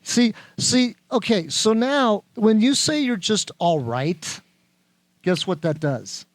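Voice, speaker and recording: A man with a fairly high voice hosting a podcast, pressing his motivational points again and again with preachy emphasis. He is recorded close and dry. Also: big pitch swings, takes it slowly, no room sound. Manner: emphatic, preachy, repeats himself. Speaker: podcast host. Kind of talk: motivational casual chat.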